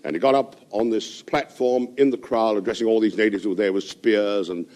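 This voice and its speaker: A man's voice: fairly low pitch, fairly quick. A British man presenting a radio comedy show, telling jokes and anecdotes to a studio audience. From Britain. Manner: lively joke-telling with funny voices.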